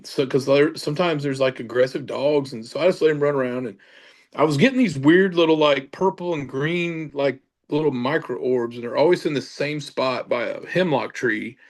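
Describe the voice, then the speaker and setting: A man's voice: medium pitch, moderate pace. A middle-aged man, a paranormal investigator, telling a casual story with many fillers and restarts.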